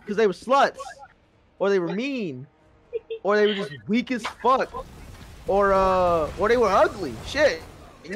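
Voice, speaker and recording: A man in his twenties telling a rambling, profane story casually while gaming, breaking into loud, excited bursts. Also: high voice.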